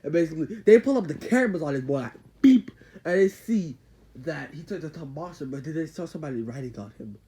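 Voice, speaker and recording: A man excitedly retelling a story, rambling, full of fillers and spoken sound effects like boom and pow. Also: fast talker, poor audio. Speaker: channel host.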